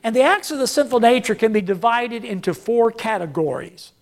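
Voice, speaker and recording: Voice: medium pitch, expressive, a little fast. A preacher delivering a sermon, repeating key phrases for emphasis and calling on the congregation to say lines back and answer.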